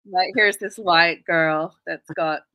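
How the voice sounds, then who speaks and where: A woman's voice: fairly low pitch, steady tone, drawn-out words, dry recording, highs cut off. A woman from Australia hosting a casual live stream, chatty and full of rambling anecdotes. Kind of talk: casual chat.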